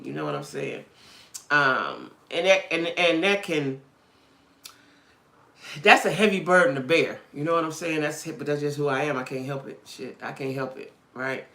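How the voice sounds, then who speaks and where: On a casual livestream about dating, a woman with a deep yet bright voice chats with her viewers in an echoey room. Her manner is frank and streetwise, and she keeps asking "right?" and "you know what I'm saying?"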